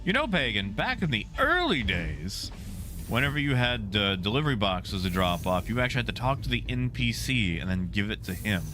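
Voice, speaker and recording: A man's voice: fairly low pitch, sing-song, brisk, background noise. A man chatting casually with fellow players while streaming a space game, teasing and playful. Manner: teasing, playful sing-song repetition. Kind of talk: casual gameplay commentary.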